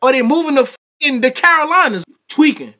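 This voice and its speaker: A man from Brooklyn, reacting to a clip in a profane, exasperated casual rant. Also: brisk. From Brooklyn, New York. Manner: profane, exasperated, animated rants with big swings in pitch. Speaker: reaction commentator. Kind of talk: heated casual commentary.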